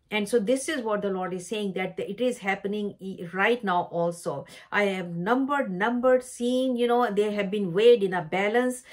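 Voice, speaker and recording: Earnest woman sharing a vision, halting. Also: medium pitch. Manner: earnest, halting, repeats words for emphasis. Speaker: Christian speaker sharing a vision. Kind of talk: devotional message.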